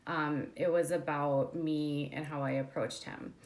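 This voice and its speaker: A woman's voice: sits low, steady tone, unhurried. A young adult woman hosting a commentary channel, telling a story in casual chat, with many fillers, acting out the quoted dialogue.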